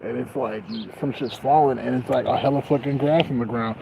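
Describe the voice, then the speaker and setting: A man's voice: mid-range voice, fairly even intonation, brisk, creaky. Young man, mid-range voice, casual profane rambling, phone mic, outdoors, noisy background. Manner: profane, frustrated, swings loud and quiet. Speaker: livestreamer. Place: outdoors on grass.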